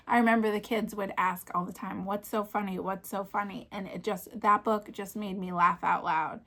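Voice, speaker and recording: A woman's voice: a little high, a bit bright. Gushing, chatty woman in her thirties. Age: 30s. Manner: chatty and gushing, lots of fillers. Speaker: vlogger. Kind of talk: casual book chat.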